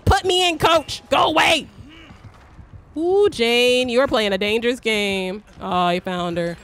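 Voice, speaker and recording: Young woman streamer, excitable live game commentary, swears, shrieks. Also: a little high.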